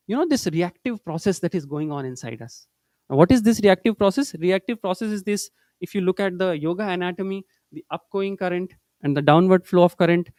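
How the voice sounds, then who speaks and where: Male meditation teacher, high pitched, earnest, explains through stories. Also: darkish tone, no echo. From India. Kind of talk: spiritual talk.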